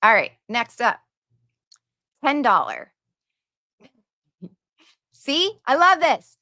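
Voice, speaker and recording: A woman's voice: high voice, sing-song, drawn-out words, bright, forceful tone, no echo, studio quality. A woman hosting a livestream, chatting casually and reading viewer donations and messages aloud with her own asides.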